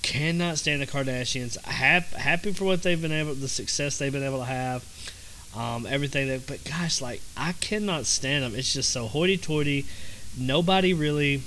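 A man's voice: a little high, moderate pace, bright, forceful tone, slight background noise, poor audio. A man with a Southern American accent hosting a podcast in a casual, rambling monologue, repeating himself and using lots of fillers. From Southern United States. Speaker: podcast host.

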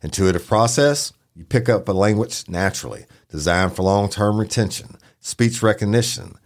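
Low-voiced man reading an ad. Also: normal speed. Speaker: ad announcer. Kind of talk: scripted ad read.

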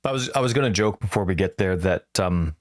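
Low-voiced man, rambling. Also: animated, fast, no echo, studio quality. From Canada. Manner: rambling, joking storyteller. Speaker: podcast co-host. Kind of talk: casual chat.

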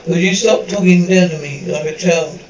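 An exasperated grown daughter snapping back at her mother, as a man reads the lines. The voice is high and sits near his own plain tone. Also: normal speed, darkish tone, echoey room, recorded from a distance, highs cut off, close to an everyday voice. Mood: angry. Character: resentful adult daughter.

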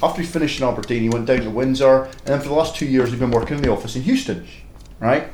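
A man, a regular co-host, talking loudly in a casual podcast chat and jumping high in pitch when he mimics people. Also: very fast. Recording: roomy sound with faint noise.

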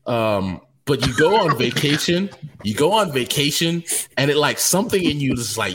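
Animated guy chatting on a podcast, confident, voice jumps all over. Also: on the high side, moderate pace, a little hiss or hum. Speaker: podcast co-host. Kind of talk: casual chat.

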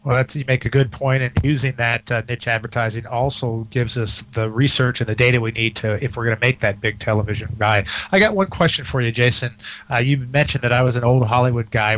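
A man's voice: mid-range voice, fairly even intonation, a little fast, fairly bright tone. A middle-aged man hosting a casual talk radio show, speaking hesitantly with many fillers and restarts. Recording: slightly dull, lo-fi radio audio.

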